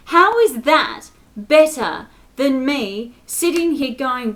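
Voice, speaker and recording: A woman's voice: sits high, lively intonation, takes it slowly, a bit bright. A woman in an angry, exasperated rant to camera, swearing often and stressing her words. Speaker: spiritual vlogger.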